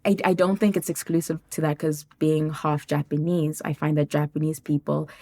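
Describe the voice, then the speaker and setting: A woman from South Africa chatting casually on a podcast, telling stories with lively, acted-out quotes. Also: low voice, normal speed. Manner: animated storytelling, acts out quoted people. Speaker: podcast guest.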